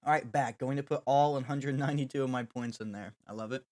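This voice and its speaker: A man's voice: mid-range voice, fast talker, a little mellow, no echo. Young male streamer, casual and jokey, dramatic with chat, dry close-miked sound. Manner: joking, dramatic mock apologies to chat. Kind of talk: casual livestream chat while gaming.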